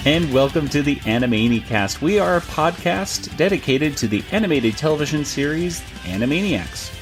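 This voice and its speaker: A man's voice: on the high side, expressive, normal speed, over music. Chatty male podcast host. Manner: chatty, laughs often, many restarts. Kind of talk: casual podcast chat.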